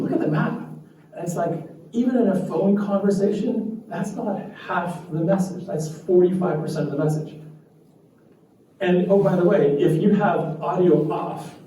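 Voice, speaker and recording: A man giving an animated live talk to a group, laughing often and acting out quotes. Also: sits high. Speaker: meetup speaker. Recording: echoey room from far off, faint noise.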